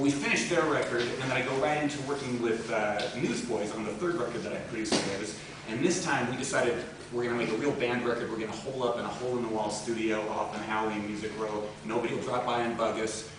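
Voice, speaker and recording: A man, a record producer, telling a funny story from his career in a casual way, often laughing and quoting people. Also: medium pitch. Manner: animated, laughing often, quotes voices. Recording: roomy, distant mic, noisy background.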